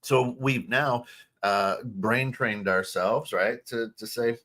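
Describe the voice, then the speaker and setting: A middle-aged American man co-hosting a podcast, talking in an animated, casual way, restarting phrases and often asking "right?". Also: medium pitch, slow pace. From United States. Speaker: podcast co-host. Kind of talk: casual chat.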